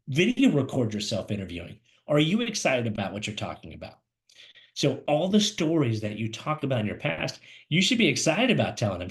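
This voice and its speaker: A fast-talking man coaching job seekers straight to camera. He speaks with an animated, emphatic energy, pushing his points hard. His pitch sits in an ordinary middle range. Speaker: career coach. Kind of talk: energetic instructional talk to camera. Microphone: camera mic, speaking to camera.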